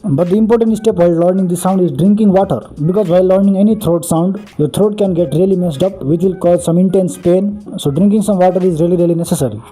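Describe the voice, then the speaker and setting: High-voiced, husky beatbox tutor. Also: male voice, quick pace, hardly any pauses, dark tone, faint music behind. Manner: earnest, repetitive explaining, stresses "really, really". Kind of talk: step-by-step tutorial.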